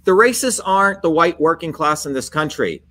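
A man's voice: on the high side, expressive, moderate pace, a bit bright. A man giving an impassioned, repetitive political monologue straight to his viewers, rallying them with emphatic points. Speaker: political speaker.

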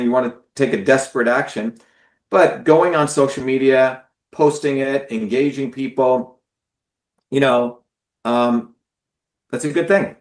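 A man's voice: medium pitch, echoey room. A man hosting a live stream, giving a blunt, profane, emphatic political monologue to viewers. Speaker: host of a live call-in stream.

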